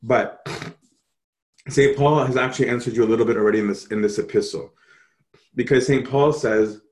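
A man teaching a Bible study, answering questions in an animated way and often checking in with "right?". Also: mid-range voice, moderate pace.

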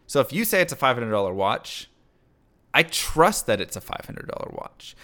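A man's voice: fairly high pitch, fairly bright tone. A man giving an explanatory talk on pricing psychology, acting out shoppers' thoughts in quoted asides. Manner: mentions his own book.

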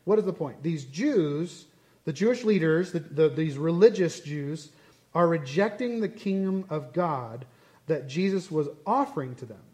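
A man teaches scripture in a relaxed, conversational style. He is animated and often drifts into asides. His voice sits fairly high. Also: measured pace. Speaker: Bible teacher. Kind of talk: casual Bible study teaching.

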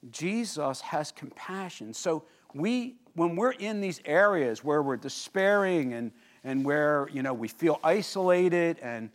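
A man preaching a sermon, telling the story vividly, swinging between lively emphasis and hushed, intense moments and asking the listeners questions. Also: medium pitch. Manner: animated storytelling with sudden drops to quiet intensity. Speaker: pastor.

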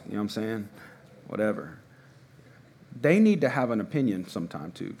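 Lively preaching man, animated delivery. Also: fairly high pitch, normal speed, long pauses. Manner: lively, conversational preaching with frequent fillers and sudden loud bursts. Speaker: pastor. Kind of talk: sermon. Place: church hall before a congregation.

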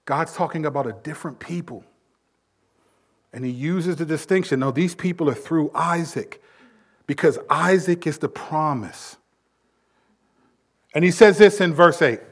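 A man preaching a sermon, his voice sitting a touch higher than most men's. He swells loud on key points, then falls quiet and low to drive them home. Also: unhurried, pauses often. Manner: preaching with emphatic swells and drops in volume. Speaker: pastor.

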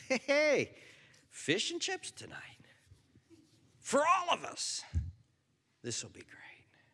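A man preaching a sermon with earnest, pleading intensity. His voice sits at an ordinary pitch for a man but leaps around in an animated way, climbing high on his pleas. Then he sinks to a soft, hushed near-whisper. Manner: earnest, pleading, swings between loud and soft. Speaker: pastor.

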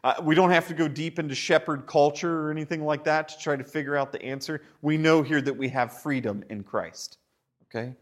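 A man preaching a sermon with animated delivery, stumbling over repeated words and often asking "right?". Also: on the high side, brisk. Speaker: pastor.

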